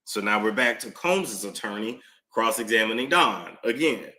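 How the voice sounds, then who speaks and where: A man hosting a casual recap stream, reading out both sides of courtroom exchanges in an animated, playful way. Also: lowish voice, normal speed. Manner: reads out both sides of courtroom exchanges, slipping in put-on voices.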